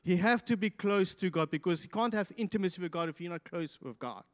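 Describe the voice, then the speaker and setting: A man preaching a sermon as pastor, swinging from loud, impassioned peaks to quiet asides. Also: sits high, fairly quick. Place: church hall. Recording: reverberant church hall.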